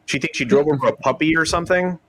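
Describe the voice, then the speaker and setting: A man on a stream panel, explaining with animated asides and mimicked sounds. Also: fairly high pitch, fast talker, a crowd in the background, poor audio. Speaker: panel guest. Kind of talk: casual live stream chat.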